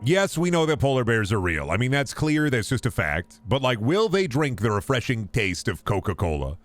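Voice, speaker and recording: A young man casually commenting on his gameplay, joking and breaking into sudden high yelps and shouts. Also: very animated, normal speed, dry recording. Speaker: gaming streamer.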